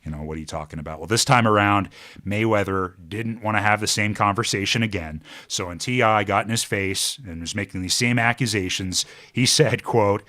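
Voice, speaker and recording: A man co-hosting a casual sports podcast, talking with many pauses and a wry edge. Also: lowish voice, bright, forceful tone. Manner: hesitant, many fillers and restarts, wry. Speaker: podcast co-host.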